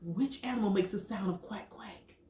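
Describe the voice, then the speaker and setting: The recording, made with a distant mic in an echoey room, carries slight background noise. On it, a woman teacher with a medium-pitched voice reads a picture book to young children at a moderate pace, expressively acting out sound words and quizzing them along the way.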